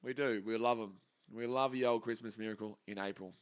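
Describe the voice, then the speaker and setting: A young man hosting a live baseball reaction stream, calling the plays casually and reading out chat messages with bursts of excitement. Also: lowish voice, fairly quick, clean tone, dull audio. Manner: casual chatty commentary, reads chat aloud, excitable.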